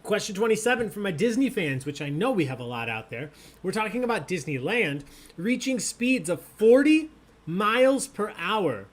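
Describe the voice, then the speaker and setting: A man with a high voice hosts a live online trivia night at a normal speed. He reads out questions and jokes with the players, staying animated and upbeat.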